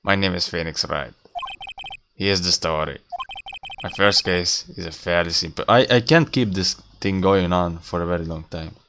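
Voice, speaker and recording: A man's voice: sits low, moderate pace, fairly bright tone, a little hiss or hum. A man voicing a nervous, earnest young male defense lawyer.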